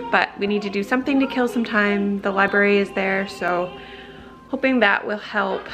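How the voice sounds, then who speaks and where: A young woman vlogging at home as a mom, chatty and sentimental, speaking softly with lots of fillers and sounding teary. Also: mid-range voice, vocal fry. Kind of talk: casual home vlog. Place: family home.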